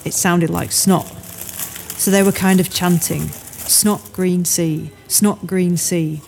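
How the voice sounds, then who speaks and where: Woman doing a mouthy gal telling a yarn, lowish mellow voice. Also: a little hiss or hum. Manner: blunt, swearing, teasing. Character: brash chatty adult woman storyteller. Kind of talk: audiobook character voice.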